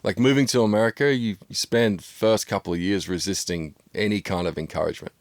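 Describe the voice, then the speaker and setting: A man's voice: on the low side, steady tone, fairly quick, dry recording, clean studio sound. A man in his fifties from Australia with an Australian accent, chatting casually and joking as a podcast guest. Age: 50s. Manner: laid-back, joking, rattles off slang. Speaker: drummer guest.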